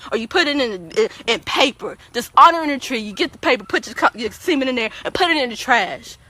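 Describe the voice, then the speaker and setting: A woman speaks on a casual livestream with a bright, forceful voice pitched somewhat high. She lectures her viewers in an emphatic, preachy tone. She often stumbles and repeats a word as she starts a sentence. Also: expressive, fairly quick, breathy edge, no echo. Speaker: guest on a livestream talk show. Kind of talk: casual opinionated livestream talk.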